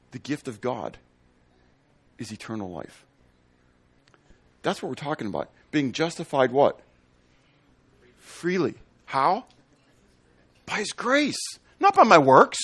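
A man preaching a sermon, quizzing the congregation and acting out little scenes to explain his point. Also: medium pitch. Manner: animated, asks the room questions and acts out little scenes. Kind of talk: sermon teaching with questions to the congregation.

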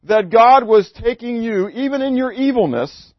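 A man preaching a sermon, swinging between loud emphasis and hushed asides and putting questions to the congregation. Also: very high-pitched, expressive, normal speed, no room sound, muffled recording. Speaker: pastor.

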